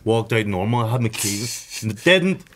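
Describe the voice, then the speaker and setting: A man's voice: lowish voice, expressive, moderate pace, a bit bright. A young man, telling a story as a podcast co-host, with lots of swearing and laughter. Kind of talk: casual chat, storytelling.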